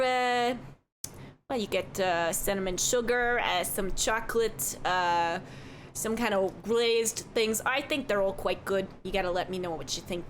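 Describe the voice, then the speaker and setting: Folksy rambling bartender man, fairly high, played by a woman. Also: a bit bright, slight background noise, lightly acted. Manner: folksy, rambling, keeps saying "don't you know". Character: chatty middle-aged male tavern bartender.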